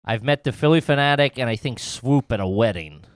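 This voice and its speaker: A man's voice: medium pitch, expressive, brisk, no echo. A man in his thirties hosting a podcast, rambling through casual chat with lots of fillers and laughs. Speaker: podcast host.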